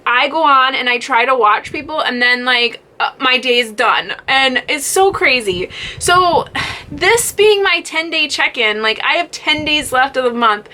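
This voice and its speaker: Young woman book vlogger, casual rambling chat, bright, slightly high voice. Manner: chatty, rambling with fillers and laughs. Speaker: booktube vlogger.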